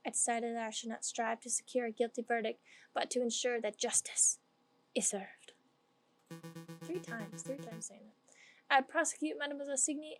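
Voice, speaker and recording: A woman's voice: high-pitched, low-quality recording. A woman streaming a game, reading the characters' lines aloud in playful put-on voices and joking between them. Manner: joking asides.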